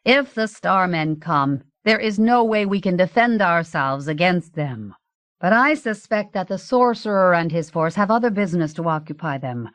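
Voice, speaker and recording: A woman's voice: lowish voice, lively intonation, moderate pace, a bit bright, no echo. A woman voicing a testy, resigned male ruler in an audiobook. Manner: testy, clipped.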